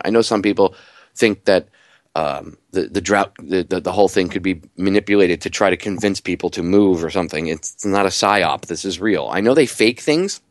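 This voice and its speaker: A man hosting a talk radio show, delivering an animated, sarcastic monologue full of rhetorical questions. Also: low-pitched, no room sound, clean studio sound.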